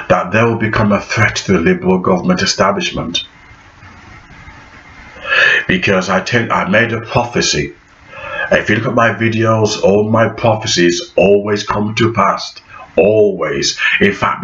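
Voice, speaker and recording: A man's voice: sits low, a bit bright, slight background noise. A man vlogging in a preachy, prophetic monologue, repeating phrases for emphasis. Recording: echoey room, dull lo-fi sound.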